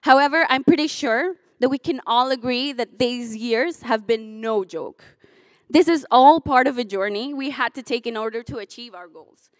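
A young graduating student gives a commencement speech in a fairly high voice. She moves between heartfelt, tearful moments and teasing jokes for her classmates. The sound is close and dry. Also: moderate pace, no echo. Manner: emotional, chokes up and laughs through tears, then jokes with the crowd. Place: hotel ballroom.

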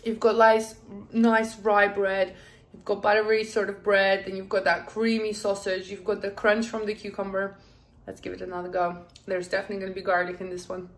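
A young woman chatting casually in a home kitchen while showing a recipe, excitable and laughing often. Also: medium pitch, fairly quick. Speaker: cooking vlogger. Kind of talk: casual cooking demonstration.

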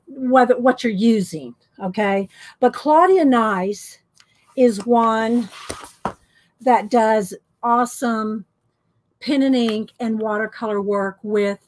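A woman's voice: fairly high pitch, poor audio. A woman hosting an art channel, chatting casually and rambling as she shows her books. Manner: rambling, chatty, thinks aloud. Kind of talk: casual chat showing books.

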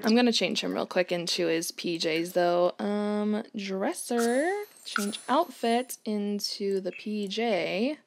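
A woman's voice: medium pitch, slow pace, over music. A woman hosting a casual let's-play, chatting playfully as she plays and tossing out mock-outraged exclamations. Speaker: gaming channel host.

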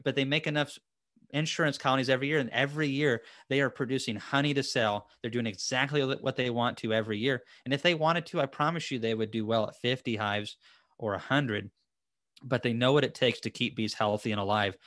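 Chatting casually on his live stream, a man rambles, filling gaps and restarting sentences often. Through his headphones and desk mic, his mid-range, fairly bright voice sounds clean and studio-like with no room sound, and he talks a little fast.

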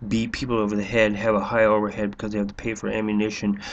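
A man's voice: fairly low pitch, monotone, fast, lo-fi sound. A man rambling through a sarcastic monologue, full of restarts and fillers. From United States. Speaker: vlogger.

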